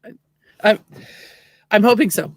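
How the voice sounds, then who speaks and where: A woman's voice: mid-range voice, expressive, measured pace, gravelly, no echo. Woman co-host, bubbly and effusive, stumbles and restarts, dry, close recording. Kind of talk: casual video interview.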